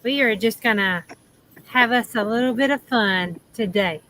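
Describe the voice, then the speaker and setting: A Southern woman with a bright, lively tone, chatting casually as a livestream host. She laughs easily and trails off with ums between thoughts. A faint hum of outdoor ambience sits behind her, as she talks in the shade under an awning. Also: fairly high pitch, normal speed, poor audio.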